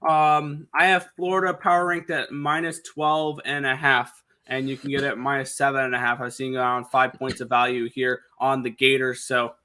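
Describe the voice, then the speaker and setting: Bright-voiced man giving betting picks. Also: mid-range voice, little pitch movement. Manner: fast, number-heavy with frequent restarts. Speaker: sports betting co-host. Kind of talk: casual picks talk.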